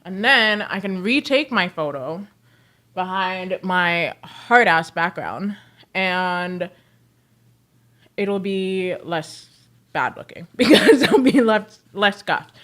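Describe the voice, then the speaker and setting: Animated, chatty woman livestreamer. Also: mid-range voice, takes it slowly. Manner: chatty, slangy, addresses viewers directly; laughs often. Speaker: livestreamer selling clothes online. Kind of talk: casual chat while working.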